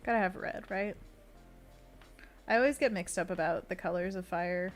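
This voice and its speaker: Speaking at normal speed in a lowish voice, a woman illustrator hosts a casual sketching stream with faint music in the background. She keeps talking while drawing, reads chat aloud and makes little sound effects.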